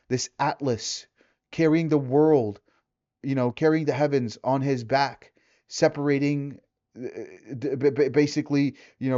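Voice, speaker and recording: A man's voice: medium pitch, dark tone, dull audio. Rambling, profane young man ranting. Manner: rambling, profane, many restarts and fillers. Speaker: vlogger. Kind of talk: casual rant to camera.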